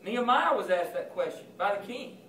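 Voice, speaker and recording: A man's voice: sits high, lively intonation, brisk, bright, forceful tone, slight background noise. A man giving an informal chapel sermon to school students, talking conversationally and acting out Bible scenes in quoted voices. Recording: echoey chapel from far off.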